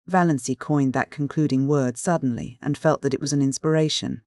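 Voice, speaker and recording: An audiobook narrator reading a classic novel in a measured storytelling manner. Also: medium pitch, fairly even intonation, a little mellow, dry recording, clean studio sound. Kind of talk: scripted narration.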